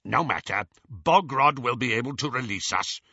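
A man's voice: medium pitch, lively intonation, normal speed, pushed and bright, slightly rough, dry recording, highs cut off, heavily acted. A man voicing a stern, cold male goblin who speaks in clipped, snarling lines. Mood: curt.

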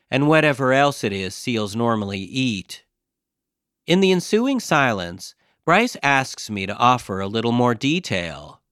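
A man reading his own scripted comic diary as a podcast host, in a deadpan, dryly self-mocking way. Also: mid-range voice, clear, resonant tone, no echo, studio quality.

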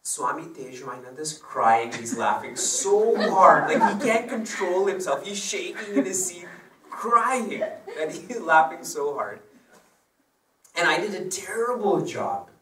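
A man with a high voice and wide pitch swings speaks at a measured pace as a spiritual teacher, chatting through personal stories and laughing along. It's a devotional discourse, captured by a distant mic with roomy sound and a crowd audible behind him.

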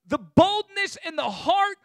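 Impassioned high-voiced male preacher. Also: sing-song, unhurried, no room sound. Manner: impassioned, rising to shouts. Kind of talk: sermon.

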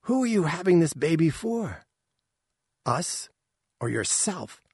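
A man's voice: a little high, big pitch swings, slow, a little mellow, breathy edge, dry recording, studio quality, pitched above the performer's own voice, heavily acted. A man reading aloud voicing a harsh, contemptuous female alien elder with a cold, commanding manner. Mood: accusing.

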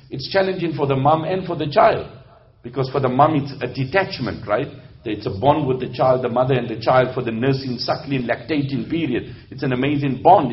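Animated male preacher, lo-fi sound. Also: mid-range voice. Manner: animated, shifts between loud emphasis and hushed narration. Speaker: Islamic preacher. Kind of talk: sermon storytelling.

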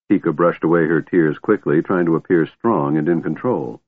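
A man's voice: extremely low pitch, normal speed, hardly any pauses, slightly rough. A man narrating a fantasy audiobook with an intense, dramatic delivery. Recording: tinny phone-like dry sound.

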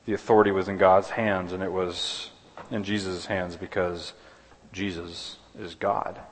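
A man's voice: sits low, little pitch movement, unhurried. A man preaching a sermon as pastor, earnest, often restarting and repeating words. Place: church sanctuary. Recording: long hall reverb.

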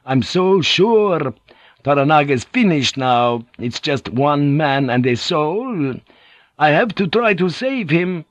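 A man reading an audiobook, voicing a calm, earnest middle-aged priest who speaks in a measured way. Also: a little high, no room sound, pitched above the performer's own voice.

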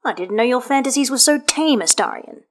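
A woman's voice: a little high, animated, fairly quick, voice pushed up. A woman reading the part of a bookish wizard man with a dry, wry manner in an audiobook of fan fiction.

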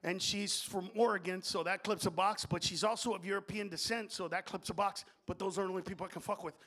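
A male stand-up comedian on stage, brash and profane, jumping between loud rants and low muttering. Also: fairly even intonation, fast. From Honduras. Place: comedy stage before a live audience.

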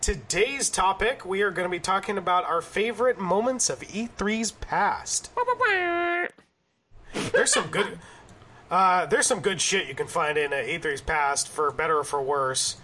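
Male podcast host, high voice, animated and jokey, loose casual delivery. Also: unhurried. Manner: animated, joking, swears casually. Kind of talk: casual gaming podcast chat.

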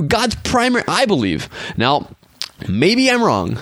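A young adult man hosting a faith podcast, talking in a casual, animated way and acting out quoted voices. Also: on the high side, a little slow, hardly any pauses, dry recording, studio quality. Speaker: podcast host and minister.

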